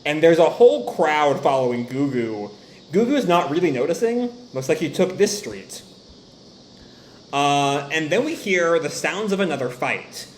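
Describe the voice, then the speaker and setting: Hosting a manga reaction video, a man reads the chapter aloud and reacts animatedly, laughing often and going off on tangents. His voice is on the high side at a moderate pace, and the reverberant recording carries a little hiss or hum.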